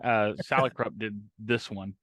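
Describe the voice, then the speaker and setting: A man's voice: fairly low pitch, fairly even intonation, a little slow, fairly bright tone, no echo. A man co-hosting a casual podcast chat, trading dry jokes and facts. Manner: dry jokes, laughs at banter. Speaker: podcast co-host.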